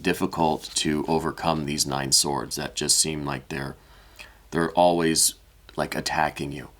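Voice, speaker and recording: A man giving a weekly tarot reading, speaking gently and hesitantly, with many restarts, and openly emotional and apologetic. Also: low voice. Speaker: tarot reader.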